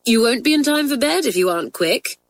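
A woman reading a storybook and voicing a hurried grown woman at a school. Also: on the high side, lively intonation, dry recording, pitched above the performer's own voice. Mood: brisk. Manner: brisk.

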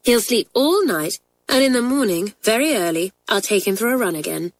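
A woman reading a storybook and voicing an eager, soft-hearted schoolgirl who is close to tears. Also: medium pitch, lively intonation, normal speed, voice pushed up.

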